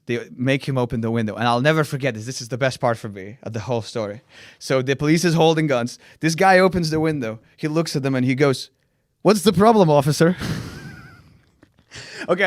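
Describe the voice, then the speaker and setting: A man's voice: medium pitch, dry recording, clean studio sound. A young man from Lithuania with a Lithuanian accent, a comedian telling a wild story in casual chat, acting out quotes and laughing often. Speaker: comedian guest.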